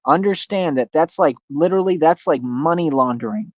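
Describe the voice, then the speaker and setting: A man's voice: on the high side, normal speed, hardly any pauses, no room sound. Man, boastful livestream rant; dry, slightly dull lo-fi sound. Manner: boastful, confrontational, calls out rivals. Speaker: streamer. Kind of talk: ranting livestream monologue. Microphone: streaming mic.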